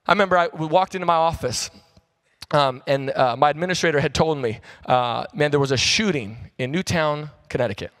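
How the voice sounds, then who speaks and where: Male pastor, 30s, slightly high voice, loose slangy delivery, energetic sermon storytelling. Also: a little fast. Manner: casual, animated storytelling with slang.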